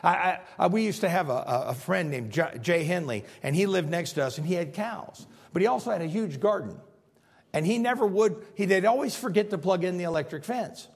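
A man preaches a sermon with great animation, acting out the texts he reads. His voice sits high and swings widely in pitch. A long reverb from the large hall trails every phrase. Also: fairly quick, vocal fry, slightly rough. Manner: animated, dramatic, acts out quotes, repeats himself. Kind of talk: expository sermon.

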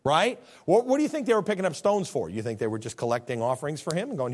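A man preaching a sermon, animated, acting out scripture scenes with voices. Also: on the high side, fast talker.

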